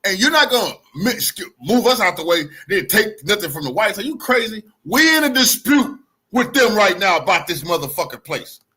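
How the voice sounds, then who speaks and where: A man co-hosting a live stream, delivering loud, profane, heated commentary straight at the viewers. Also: high-pitched, big pitch swings, normal speed, slightly rough. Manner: loud profane ranting, addresses viewers directly. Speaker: co-host.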